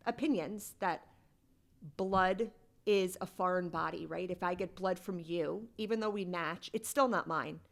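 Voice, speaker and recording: A woman's voice: fairly low pitch, a little slow, vocal fry. A woman guest on a podcast, telling a personal story in a candid, conversational way with lots of "like.". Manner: candid and conversational, heavy use of "like".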